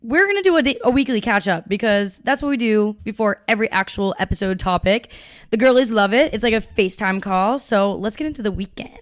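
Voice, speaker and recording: A woman's voice: medium pitch, animated, a little fast. Upbeat young woman podcast co-host. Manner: upbeat, chatty, casual slang. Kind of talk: casual chat.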